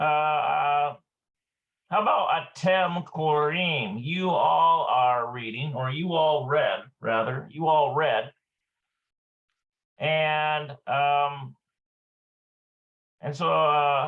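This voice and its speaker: Slow, halting man teaching a lesson. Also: a little high, fairly bright tone, lo-fi sound. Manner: slow and halting, many filler sounds. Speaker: Hebrew teacher. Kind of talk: live online language lesson.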